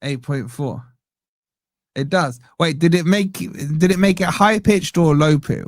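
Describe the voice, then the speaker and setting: A young man in a slightly higher register, hosting a casual live match reaction stream. He rambles, jokes and keeps cutting himself off mid-thought. The sound is dry and close to the mic. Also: lively intonation, unhurried, no echo. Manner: rambling, self-interrupting, jokey. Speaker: fan channel host.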